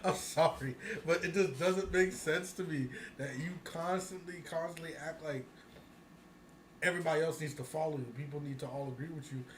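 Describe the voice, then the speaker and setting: A man's voice: a little high, steady tone, a little fast, fairly bright tone. A man co-hosting a casual talk show, ranting bluntly with plenty of profanity and bursts of laughter. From United States. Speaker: podcast co-host. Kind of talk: casual chat. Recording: echoey room with noise.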